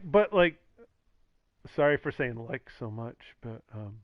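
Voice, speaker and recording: A man's voice: mid-range voice, expressive, takes it slowly, no room sound. A man streaming, rambling casually with sarcastic jokes and acted-out quotes. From the Valley. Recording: dull lo-fi mic, dry.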